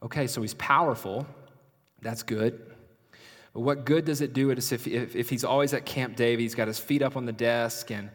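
A male pastor preaching a sermon, swinging between loud urgent questions and soft, hushed phrases. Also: medium pitch, fairly even intonation, moderate pace. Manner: dynamic preaching, rising loud then dropping to near whisper. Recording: long hall reverb.

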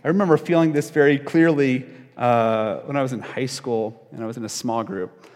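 A young man preaches in a church, and his mid-pitched voice rings with a long hall reverb. He keeps it conversational, with restarts and fillers, and acts out the people he quotes. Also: normal speed, darkish tone. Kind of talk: sermon.

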